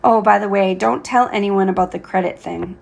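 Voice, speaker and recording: A woman's voice: mid-range voice, a little fast, vocal fry, a little mellow. Woman reading as weary Turkish hotel keeper. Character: Turkish male hotel owner, young but weary, kindly.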